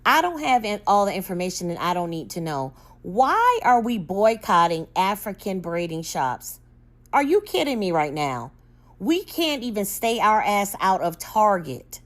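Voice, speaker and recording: A woman's voice: medium pitch, very animated, normal speed. A woman giving an incredulous rant, counting her points off one by one. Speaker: commentator. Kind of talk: opinion rant.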